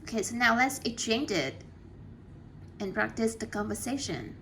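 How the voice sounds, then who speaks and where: A woman teaching an English class, patient and encouraging, giving clear step-by-step instructions. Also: fairly high pitch, expressive, normal speed, fairly bright tone, a little hiss or hum.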